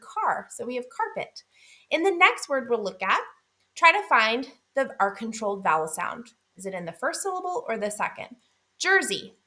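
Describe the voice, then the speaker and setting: Female literacy teacher, fairly high bright voice, clear, deliberate phonics delivery. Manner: clear, deliberate, stretches out sounds. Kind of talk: explanatory phonics lesson.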